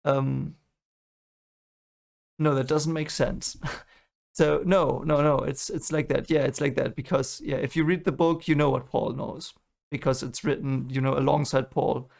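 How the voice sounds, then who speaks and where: A man's voice: medium pitch, steady tone, unhurried, creaky, a little mellow. A man hosting a movie reaction, rambling and correcting himself as he thinks aloud. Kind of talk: casual reaction commentary.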